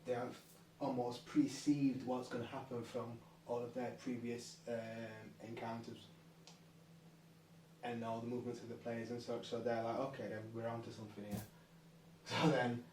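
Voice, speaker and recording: Man, rambling casual explainer, mid pitch, roomy distant recording. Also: level tone, unhurried, darkish tone. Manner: rambling, hesitant, lots of fillers and restarts. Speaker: channel host. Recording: echoey room, distant mic, faint noise.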